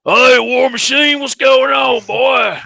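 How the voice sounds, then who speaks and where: A man doing a brash, bossy older wrestler, in a loud, high, drawling voice. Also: fairly even intonation, slow, creaky, no room sound, full character voice. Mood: hollering.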